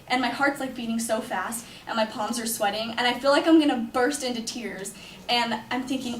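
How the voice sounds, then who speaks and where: A woman's voice: fairly high pitch, moderate pace, far from the mic, slight background noise. A young woman from California telling a personal story in a chatty way, with lots of "like" fillers. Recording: echoey room, speaker away from mic, faint ambience.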